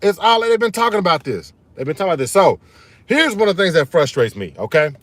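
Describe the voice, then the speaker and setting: A man's voice: high voice, sing-song, quick pace, a bit bright, no echo. A man hosting his own live stream, talking casually and emphatically to his viewers, calling them y'all and repeating his points. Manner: fired-up, emphatic, repeats key phrases, addresses viewers as y'all. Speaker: channel host streaming live.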